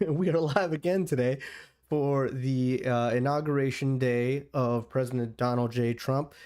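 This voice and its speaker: A man hosts his own livestream in a loose, rambling way, restarting sentences and filling gaps. His voice sits at an ordinary pitch and sounds smooth and clear. He speaks into a computer streaming setup. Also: a little slow, darkish tone. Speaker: livestream host. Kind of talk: casual livestream commentary.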